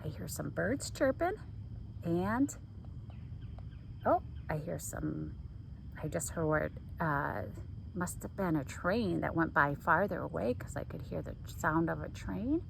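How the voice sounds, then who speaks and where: Lively woman reading a picture book. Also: low-pitched, takes it slowly, creaky, slight background noise, low-quality recording. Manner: playfully mimics sound effects. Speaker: teacher.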